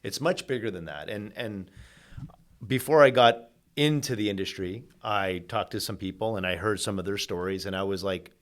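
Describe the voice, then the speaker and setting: A man's voice: lowish voice, moderate pace. A man who works as a mortgage agent, a guest in casual podcast chat, speaking earnestly with dry humor and often repeating words as he thinks.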